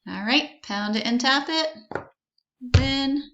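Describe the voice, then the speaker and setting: A woman teaching a phonics lesson to young children, slowly sounding out words letter by letter and encouraging them to repeat. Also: a little high, creaky, bright, forceful tone, lo-fi sound.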